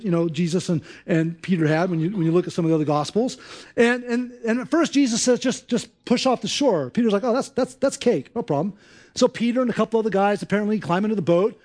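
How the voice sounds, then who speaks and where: A man preaching a sermon in an animated, conversational way, acting out voices. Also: sits high. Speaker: pastor.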